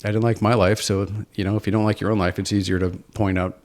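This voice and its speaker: A man's voice: on the low side, level tone, fast talker, darkish tone. A man from Seattle, a podcast guest, candidly telling his personal story in an earnest, self-deprecating, reflective way. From Seattle, USA.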